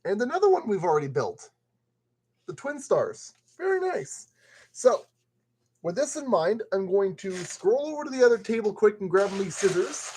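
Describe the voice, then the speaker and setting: A man's voice: sits high, sing-song, moderate pace, darkish tone, husky. A man building a model kit and commenting casually as he works, playfully talking to the parts. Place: at a work table.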